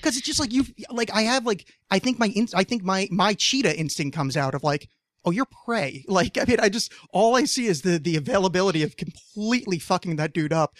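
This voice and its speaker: A man's voice: sits high, a little fast, hardly any pauses, a bit bright, dry recording. Stammering, profane man from New Jersey. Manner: rambling, profane, many restarts and stammers. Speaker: podcast host. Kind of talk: casual podcast chat.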